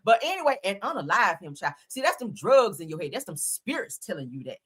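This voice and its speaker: A woman's voice: mid-range voice, sing-song, a little fast, a bit bright, husky. A woman hosting a casual celebrity news show, reading stories aloud and breaking off into sassy, profane, sarcastic asides. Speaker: host.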